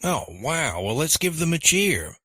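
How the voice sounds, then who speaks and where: A man co-hosting a language-lesson podcast, reading quiz questions in a measured, encouraging way. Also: fairly high pitch, sing-song, pushed and bright, no room sound. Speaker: podcast co-host, quiz master.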